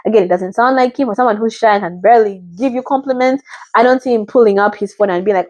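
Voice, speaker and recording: A woman's voice: mid-range voice, fast, a little mellow, no echo, lo-fi sound. Chatty rambling woman from Africa. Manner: rambling, chatty, often mimics what others said. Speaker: reality show reactor. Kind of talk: casual chat.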